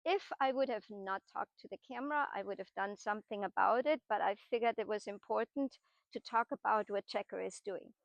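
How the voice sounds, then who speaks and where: A woman's voice: mid-range voice, fairly quick, vocal fry, no echo, muffled recording. Patient, explanatory woman horse trainer. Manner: patient, explanatory, with frequent tag questions. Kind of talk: explanatory teaching talk while working horses.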